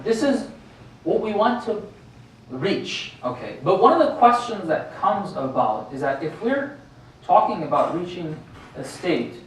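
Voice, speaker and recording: A man preaching in a strongly echoing prayer hall, his voice fairly high for a man and a little distant from the microphone, with faint noise underneath. He talks to the congregation in a conversational way and keeps checking in with them through rhetorical questions. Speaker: sheikh giving a religious lecture. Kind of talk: sermon.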